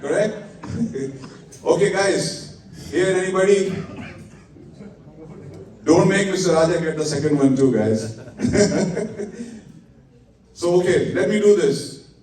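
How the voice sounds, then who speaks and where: Guy calling a charity auction, kinda high voice, big echoey hall, mic a bit far off. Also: slow, pauses often, darkish tone. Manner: upbeat, coaxing bids, peppered with religious blessings. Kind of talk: live fundraising auction calling. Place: large indoor event hall.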